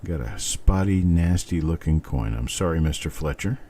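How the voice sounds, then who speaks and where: A middle-aged man hosts a casual live stream, rambling and thinking aloud as he talks. His voice is very deep and mellow, with a faint hiss of noise behind it. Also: animated, moderate pace. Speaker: host.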